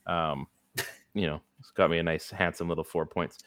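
A podcast host rambles through fantasy sports advice in a casual chat, packing his talk with fillers. His voice sits low and level at a normal speed, fairly bright, clear and resonant. The recording is dry, with a clean studio sound.

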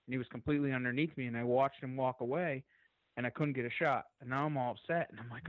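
A man as a podcast guest, telling a long story in an excited, rambling way and swearing freely. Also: medium pitch, fast talker, no echo, narrow, tinny audio.

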